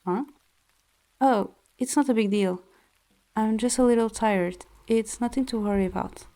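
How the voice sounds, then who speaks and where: A woman reading the lines of a shy, frail young man in a visual novel, quiet and hesitant, with small stammers. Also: a little high, a little slow. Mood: reassuring.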